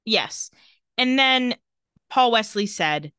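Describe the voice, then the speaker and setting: Bright, crisp woman podcast host. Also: medium pitch, expressive, unhurried, dry recording, clean studio sound. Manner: recounting tweets with wry commentary. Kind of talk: casual podcast chat.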